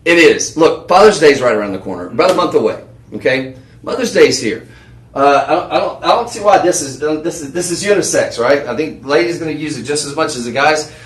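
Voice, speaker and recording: A man hosting a live home shopping show, pitching products in a chatty, rambling way with lots of fillers and restarts. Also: lively intonation, a little fast, a bit bright, roomy sound. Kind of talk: live on-air sales pitch. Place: TV shopping studio.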